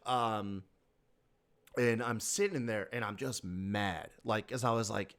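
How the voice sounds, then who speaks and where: This podcast host has a fairly low voice and talks slowly. His storytelling is loose, rambling and full of profanity, animated throughout and punctuated by bursts of laughter.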